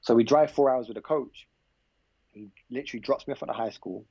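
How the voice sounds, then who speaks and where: A man's voice: mid-range voice, a little fast, vocal fry. A man from England, guesting on a podcast and telling a personal story in a loose, conversational way. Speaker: podcast guest, basketball coach. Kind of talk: casual storytelling in an interview. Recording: slightly dull, lo-fi podcast audio.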